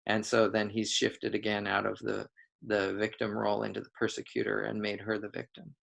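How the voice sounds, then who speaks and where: A man leading an educational talk on relationship dynamics, telling example stories in a relaxed way, with frequent fillers and restarts. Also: lowish voice, fairly quick, gravelly. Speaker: group facilitator.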